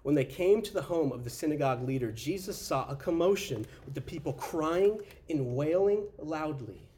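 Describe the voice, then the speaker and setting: A man's voice: fairly high pitch, expressive, normal speed, a little mellow. A man preaching a casual, conversational sermon as a pastor, often saying "man" and restarting his sentences. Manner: conversational, says "man" a lot, with frequent restarts.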